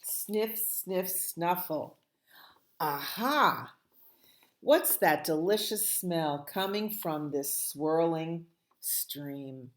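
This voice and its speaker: A woman librarian reading a picture book aloud at a children's storytime, playful and expressive with sound words. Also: low-pitched, very slow.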